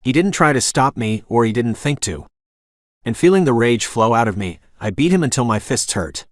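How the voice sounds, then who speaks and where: A man narrating a romance audiobook in first person, with a gruff, dramatic delivery. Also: medium pitch, animated, moderate pace, no echo, studio quality.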